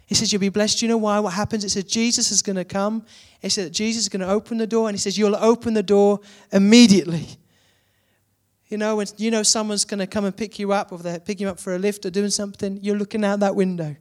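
Guy preaching, high voice, keeps firing questions at the crowd. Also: level tone, fast. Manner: rising to emphatic repeated questions. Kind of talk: sermon.

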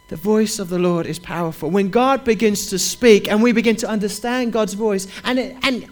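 A man with a notably high voice delivers a sermon to his congregation. He reads scripture with swelling emphasis and falls into a fervent, repetitive preaching rhythm.

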